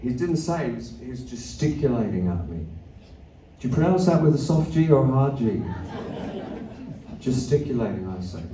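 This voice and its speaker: A man's voice: mid-range voice, big pitch swings, a little fast, mellow, some chatter behind, a little hiss or hum. An older man, a musician on stage, telling rambling, wry anecdotes between songs, swearing and chuckling. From Australia. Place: arts centre concert hall. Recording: echoey venue from a distant mic.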